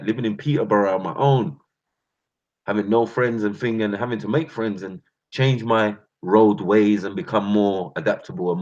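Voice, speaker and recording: A man with a London accent gives a heated, slang-heavy rant, his voice low and husky. The sound is muffled and lo-fi, and he keeps calling out to his listeners as bruv and fam. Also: a little mellow. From England. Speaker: channel host.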